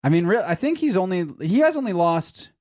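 A man from Canada co-hosting a podcast in casual chat, rambling and animated. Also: high voice, fairly quick, dry recording, clean studio sound. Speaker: podcast co-host.

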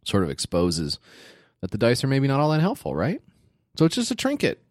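A man's voice: medium pitch, wildly swooping pitch, fairly quick, a little mellow, dry recording. A man co-hosting a comedy podcast in a studio, chatting casually in a dry, wry manner. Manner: dry, wry, reads items aloud. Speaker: podcast co-host. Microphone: close studio mic, headphones.

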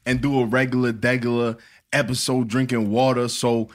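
A man's voice: medium pitch, little pitch movement, normal speed. Young man hosting a slangy podcast. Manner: joking, slangy banter. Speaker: podcast host. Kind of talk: casual chat.

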